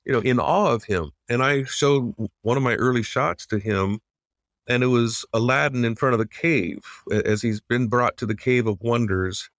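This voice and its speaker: A man's voice: medium pitch, normal speed, a bit bright, no room sound, clean studio sound. A middle-aged man, a veteran animator, telling stories in an earnest, reflective way with frequent restarts. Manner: earnest, reflective, many restarts and acted-out quotes. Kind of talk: casual interview storytelling.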